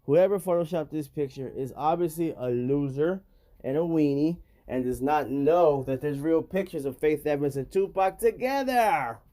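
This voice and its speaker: A man's voice: a little high, moderate pace, dark tone. A man hosting a casual vlog, talking straight to his viewers in emphatic, slangy street talk. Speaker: host.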